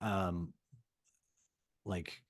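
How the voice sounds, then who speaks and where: A man's voice: sits low, little pitch movement, extremely slow. A man co-hosting a movie podcast in casual, enthusiastic chat, stumbling and restarting often. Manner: enthusiastic, full of fillers and restarts. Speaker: podcast co-host.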